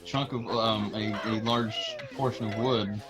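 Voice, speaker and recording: A man's voice: fairly low pitch, steady tone, a little slow, very noisy. A young man, a speedrunner, chatting casually while playing, rambling and swearing with many restarts. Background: game music.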